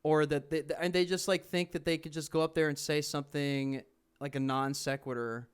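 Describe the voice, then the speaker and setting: A young comedian chats casually as a guest, blunt and dismissive. His voice is smooth and clear and sits somewhat high for a man. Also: little pitch movement, fairly quick. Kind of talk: casual chat.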